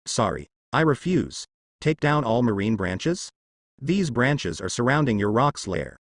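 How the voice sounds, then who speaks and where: A young swordsman, cold and measured, voiced by a male synthetic reader. Lively pitch, dry close sound. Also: no echo.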